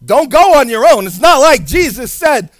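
A man's voice: very high voice, very animated, moderate pace, no room sound. A man preaching a sermon in a sing-song cadence, acting out the voices in the story he tells.

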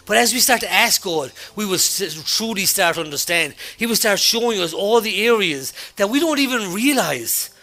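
A man preaching a sermon, talking conversationally through a personal story, with frequent restarts and an animated retelling of dialogue. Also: high voice, normal speed, few pauses. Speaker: pastor.

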